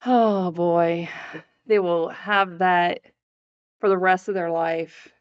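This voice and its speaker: A woman's voice: lowish voice, fairly even intonation, slow pace, clear, resonant tone, dry recording, lo-fi sound. Chatty woman co-host, dry sound. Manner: chatty, laughs along and reacts to stories. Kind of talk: casual chat.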